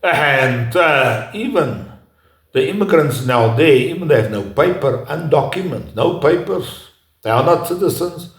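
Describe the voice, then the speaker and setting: Giving an unscripted lecture, a man with a somewhat raised pitch and lively intonation frequently halts to search for words, filling gaps with "uh" and restarting sentences. The talk is recorded in an echoey room, so his voice rings around the space.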